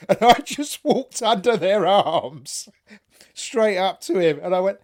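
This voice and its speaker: A British man in casual podcast chat, his voice sitting fairly high and swinging widely in pitch. He talks in an animated way, laughs often and swears freely. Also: measured pace. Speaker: podcast co-host.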